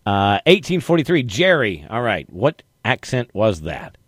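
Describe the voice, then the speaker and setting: A man's voice: lowish voice, big pitch swings, a little slow, breathy edge, dry recording, clean studio sound. A man hosting a radio call-in game, stammering and apologizing often. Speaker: radio host.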